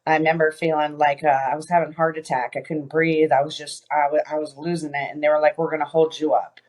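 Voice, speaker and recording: Low-voiced woman recounting a hard memory. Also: flat delivery, a little mellow. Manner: halting, many fillers and restarts. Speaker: podcast guest. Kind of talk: personal storytelling interview.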